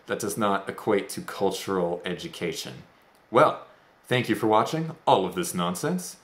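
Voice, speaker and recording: A man's voice: deep voice, normal speed, a bit bright, echoey room. A man hosting a let's play, giving casual gameplay commentary with rambling, self-deprecating, goofy asides.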